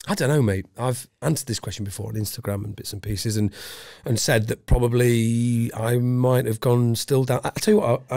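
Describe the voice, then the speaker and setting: In a casual podcast interview, a middle-aged English ex-special forces man talks plainly and casually, swearing heavily throughout. He has a mid-range, slightly mellow voice, recorded cleanly in a studio with no echo.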